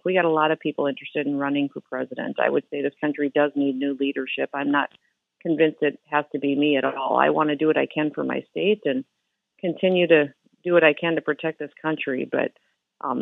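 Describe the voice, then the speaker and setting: A woman's voice: deep voice, a little fast, creaky, dry recording. A woman governor telling a story with earnest energy as a radio interview guest, heard over the phone. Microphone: phone line. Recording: tinny phone line.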